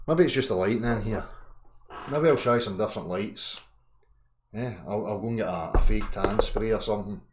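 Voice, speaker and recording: A man in his thirties ranting angrily on a live chat, profane, swinging from low muttering to shouting. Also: normal speed, roomy sound, slight background noise. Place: indoor room.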